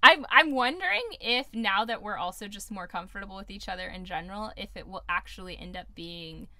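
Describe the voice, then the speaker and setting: A woman co-hosting a casual podcast chat, from Washington state, bubbly and quick to laugh as she talks about nannying. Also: medium pitch, expressive, bright, forceful tone, slight background noise. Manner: bubbly, laughs often, acts out kids' voices.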